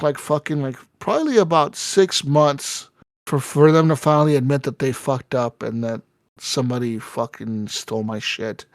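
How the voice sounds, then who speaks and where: Profane, animated male podcast co-host. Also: a little high, clean tone, dry recording, clean studio sound. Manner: profane, animated storytelling with mocking voices. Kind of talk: casual podcast chat.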